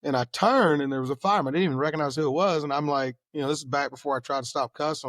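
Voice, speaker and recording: A man in his late thirties with a Texan accent, a fire lieutenant telling stories casually and acting out the dialogue with lively pitch jumps. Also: rapid-fire, few pauses, no echo, studio quality. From Texas. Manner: animated, acts out quoted dialogue with rising pitch and volume. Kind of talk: casual storytelling.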